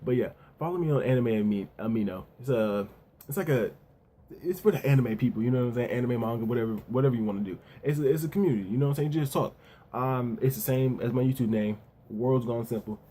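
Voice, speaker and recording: A man's voice: mid-range voice, quick pace, warm tone, slight background noise. A man casually reviewing a manga chapter, talking loosely in slang with plenty of "yo" and "you know what I'm saying.".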